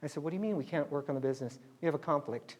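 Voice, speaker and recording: A man's voice: a little high, racing. A middle-aged man telling a business story to students, acting out the dialogue in quoted voices.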